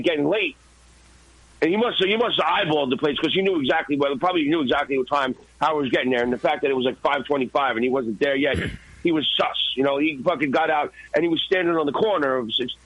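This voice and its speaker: A man, a guest and former radio intern, telling an animated, profane story in a podcast interview. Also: fairly high pitch, no room sound, rough recording. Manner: profane, excited, acts out his own shouts.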